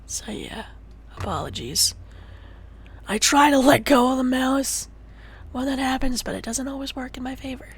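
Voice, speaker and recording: Chatty young woman streamer, hushed to excitable. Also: sits high, moderate pace, pauses often, husky. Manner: chatty, shifts between hushed muttering and excitable outbursts. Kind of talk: casual gameplay livestream chat.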